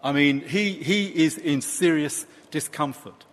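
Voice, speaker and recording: A man preaching a sermon, slow and emphatic with dramatic pauses. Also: fairly high pitch, in a large hall.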